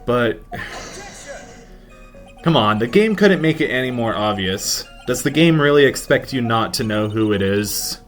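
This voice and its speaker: A man's voice: mid-range voice, expressive, unhurried, soft background music. Sarcastic male let's-play commentator. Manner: sarcastic, mocking. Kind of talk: casual let's-play commentary, reading game lines aloud.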